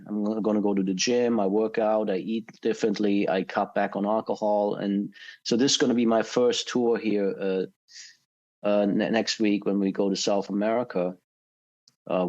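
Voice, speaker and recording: A middle-aged male guest with a fairly low voice talks casually on a podcast. He pauses often and fills the gaps with "uh". He also repeats his words as he gathers his thoughts. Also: steady tone, a little mellow, lo-fi sound. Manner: halting, many "uh" fillers and repeated words. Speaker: guest, touring bass tech. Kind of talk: casual interview chat.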